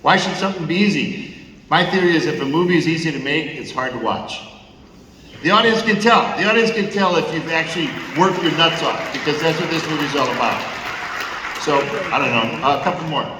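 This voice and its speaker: An older man telling animated anecdotes at a fan Q&A, slipping into other people's voices and laughing along. His voice sits a bit high. It is picked up from a distance in a large reverberant hall, with background noise. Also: brisk. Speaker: actor at a fan Q&A. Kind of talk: storytelling Q&A on stage. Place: large theater with audience.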